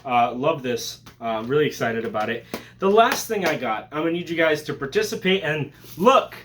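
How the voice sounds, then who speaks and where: Excitable joking man, fairly high voice. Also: normal speed, background noise. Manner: excitable, joking, with profanity and sudden loud bursts. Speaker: collector vlogger. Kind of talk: casual vlog.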